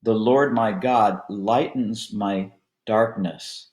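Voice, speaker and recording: Slow-talking pastor in an echoey room. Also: male voice, on the low side, darkish tone. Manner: unhurried, conversational teaching with filler words. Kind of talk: Bible study teaching.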